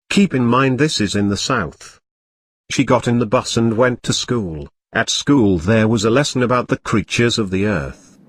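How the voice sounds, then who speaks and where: A man narrating a scripted comedy story in a flat, matter-of-fact way. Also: mid-range voice, breathy edge.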